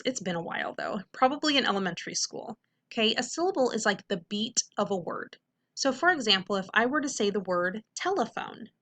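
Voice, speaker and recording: A woman reading teacher giving an upbeat video lesson to middle schoolers, often checking in with "okay?" and slowing down to sound out words. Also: a little high, sharp tone, slight background noise. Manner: slows to sound out words carefully.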